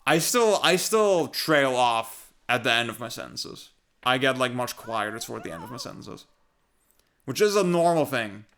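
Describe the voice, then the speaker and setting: A man's voice: medium pitch, big pitch swings, normal speed, fairly bright tone, slight background noise. A young man with a Californian-sounding American accent, chatting casually while streaming a game, rambling, trailing off and swearing often.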